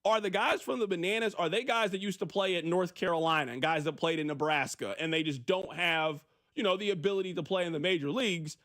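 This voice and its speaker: A man hosting sports talk radio, telling stories in a casual, animated way. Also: sits high, quick pace, few pauses. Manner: animated, storytelling.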